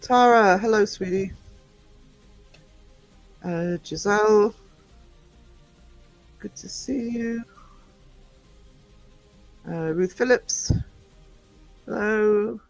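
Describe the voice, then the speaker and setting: High-pitched guy on a livestream, calls everyone sweetie, dry sound, bit of music behind. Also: extremely slow, long pauses, dry recording. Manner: chatty, affectionate, calls viewers sweetie and darling; scattered, frequent ums and trailing off while reading chat. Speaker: live streamer greeting viewers. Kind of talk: casual live-stream chat.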